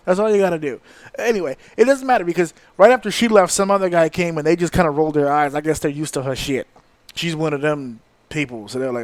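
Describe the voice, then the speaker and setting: A man in his thirties tells a story on his podcast, swearing freely and building into exasperated rants. His voice sits a little high. It is recorded dry, right up on the mic. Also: fast, no echo. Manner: profane, exasperated, animated ranting. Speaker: podcast host. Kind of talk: casual storytelling rant.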